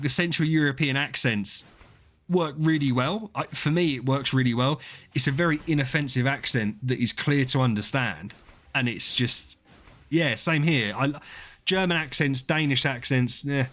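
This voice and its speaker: A man's voice: medium pitch, a bit bright. A man, chatting casually with viewers on a game stream, rambling and swearing as he answers them. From southeast England.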